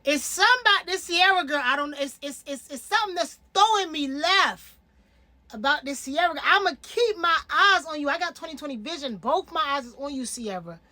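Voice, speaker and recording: A woman in her twenties giving casual, animated commentary as a reality TV reviewer, slangy and emphatic. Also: high voice, moderate pace. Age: 20s.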